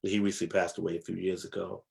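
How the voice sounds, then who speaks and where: A man's voice: low-pitched, level tone, fast talker, creaky, darkish tone. A man from New Jersey, a guest historian, telling stories from his past in a reflective, emphatic way with many fillers. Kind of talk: casual interview storytelling.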